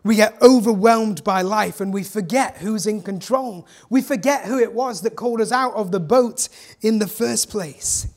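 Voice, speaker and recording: Earnest English pastor preaching. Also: male voice, high-pitched. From England. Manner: earnest, emphatic preaching with dramatic pauses. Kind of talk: sermon. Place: church.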